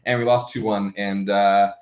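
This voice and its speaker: A man tells a story in a casual podcast chat, stumbling, restarting and swearing as he gets worked up. His voice sits a little low. The sound is roomy and dull, like a lo-fi home recording. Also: level tone, moderate pace, slight background noise. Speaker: podcast co-host.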